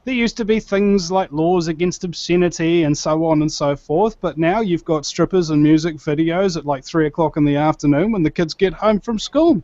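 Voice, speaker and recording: High-voiced sarcastic man in casual chat. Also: expressive, moderate pace, few pauses, a little mellow, no echo, muffled recording. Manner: joking, sarcastic. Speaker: podcast co-host.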